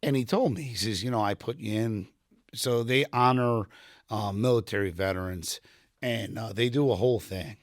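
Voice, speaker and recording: A man's voice: on the low side, moderate pace, no room sound, studio quality. A middle-aged retired Army sergeant telling rambling anecdotes full of fillers, quoting people as he goes, in a casual podcast chat. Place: podcast studio room.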